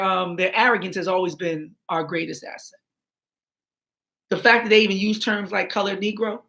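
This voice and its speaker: Woman host, lively on-camera commentary, slows down to read quotes. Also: on the high side. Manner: animated, slows down for quotes, playful asides. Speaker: channel host. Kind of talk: casual commentary reading documents aloud.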